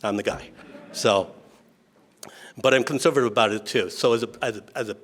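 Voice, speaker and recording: A man's voice: mid-range voice, brisk, fairly bright tone. Folksy middle-aged man telling stories. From Washington State, US. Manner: folksy, self-deprecating storytelling with many restarts. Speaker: state legislator giving remarks. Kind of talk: informal speech at an event.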